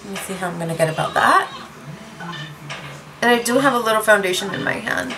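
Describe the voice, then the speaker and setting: A woman's voice: medium pitch, expressive, a little fast, noisy background. A woman reviewing lipsticks in a casual, rambling chat from her room at home, dropping in Spanish words as she talks. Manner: rambling, chatty, self-mocking. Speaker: beauty vlogger reviewing lipsticks.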